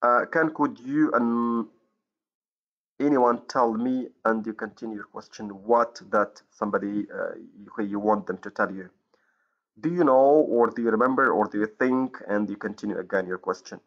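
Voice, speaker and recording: A man's voice: on the low side, normal speed. Hesitant male teacher from Morocco. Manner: hesitant, many fillers and self-corrections. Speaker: English teacher. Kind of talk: recorded grammar lesson. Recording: dull lo-fi recording.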